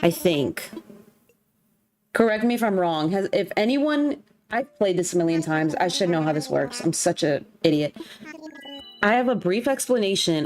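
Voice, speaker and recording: A woman's voice: lowish voice, animated, moderate pace, darkish tone, a little hiss or hum. A young woman livestreaming from home, ranting bluntly in casual chat with faint music behind. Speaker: streamer. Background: faint background music.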